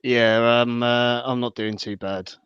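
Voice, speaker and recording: A man talking football as a podcast guest, measured and thinking aloud, over slightly dull call audio. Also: medium pitch, fairly even intonation, a bit bright, clear, resonant tone, dry recording. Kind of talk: casual football analysis.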